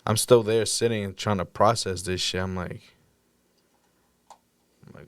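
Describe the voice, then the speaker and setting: A man on a podcast telling a story in casual, blunt, profane speech, acting out the moments when he shouted. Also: lowish voice, steady tone, normal speed, long pauses, dry recording. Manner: blunt, profane, acts out his own shouting. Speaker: podcast guest recounting a crisis.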